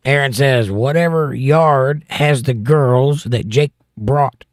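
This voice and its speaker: A man's voice: mid-range voice, slow, dry recording, studio quality. A middle-aged man with a Southern accent, hosting a livestream and joking as he reads viewer comments aloud. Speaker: livestream host. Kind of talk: casual chat.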